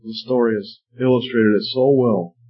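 Husky male preacher, mid pitch, earnest sermon storyteller, slightly muffled recording. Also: fairly even intonation, moderate pace.

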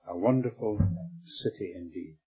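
An older man preaching a sermon, with dramatic pauses and drops to a hushed voice on key words. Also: low-pitched, breathy edge, soft background music. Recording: dull lo-fi recording.

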